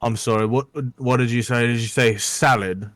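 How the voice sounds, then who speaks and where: A man's voice: medium pitch, steady tone, normal speed, fairly bright tone, no echo, lightly acted. A foul-mouthed, contemptuous tavern keeper, as a game master puts him on for a tabletop game. He snarls and swears at his customers. The sound is dry and close, with no room around it. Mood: angry scorn. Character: gruff hostile male tavern keeper.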